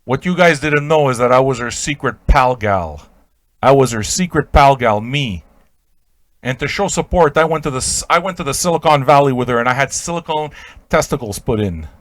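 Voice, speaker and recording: A man hosting a radio show improvises an absurd comic story, rambling and stammering with sudden shouted outbursts. He speaks at a normal speed in a mid-range voice with lively intonation.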